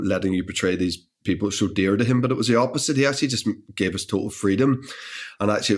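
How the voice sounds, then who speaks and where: A man in his thirties with a Northern Irish accent, chatting animatedly as an actor guest over lunch, often repeating words as he thinks. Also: fairly low pitch. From Northern Ireland. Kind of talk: casual interview chat. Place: indoors over a lunch table.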